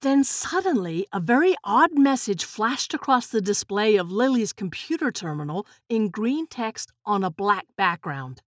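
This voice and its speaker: A woman narrating a children's storybook in a steady, clear reading voice. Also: mid-range voice, measured pace, few pauses, no room sound, clean studio sound. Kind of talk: children's storybook read-aloud.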